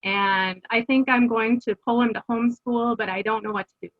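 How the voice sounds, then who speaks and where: A middle-aged woman with a slightly high voice tells her story candidly as an interview guest. She speaks earnestly, full of fillers and restarts. The recording sounds dull and lo-fi. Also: steady tone, a little fast. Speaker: guest, homeschooling mother.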